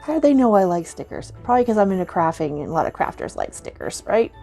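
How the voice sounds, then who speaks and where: A middle-aged woman chatting casually as she unboxes giveaway gifts, gushing with excited oohs and soft gasps. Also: mid-range voice, fast, gravelly, soft background music. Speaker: vlogger unboxing a giveaway box.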